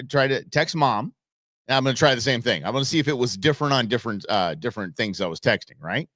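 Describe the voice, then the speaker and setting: A man's voice: medium pitch, bright, forceful tone, no room sound, clean studio sound. A man hosting a live commentary show, talking in a rambling, chatty way with many restarts. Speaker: talk show host.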